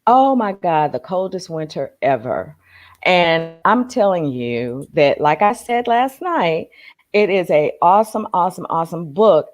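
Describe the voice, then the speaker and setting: Low-voiced, rambling woman. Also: measured pace. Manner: relaxed, rambling, many fillers and restarts. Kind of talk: casual chat.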